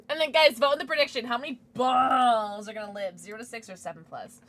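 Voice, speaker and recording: A young woman streaming a game to her chat, giggling a lot and shrieking with excitement. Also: a little high, normal speed. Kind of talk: livestream game commentary.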